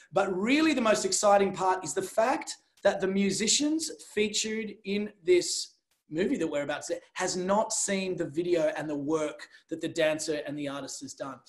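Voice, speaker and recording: Male host, high voice, casual livestream chat, jokes and fillers. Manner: chatty and joking, rambling with fillers.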